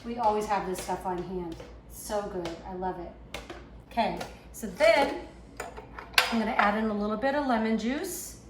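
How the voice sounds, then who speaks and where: A woman's voice: medium pitch, moderate pace, long pauses. A woman with a Boston accent, a home cook chatting casually through a cooking demonstration in her kitchen, with self-deprecating asides. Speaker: home cook, channel host. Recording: echoey kitchen with faint background noise.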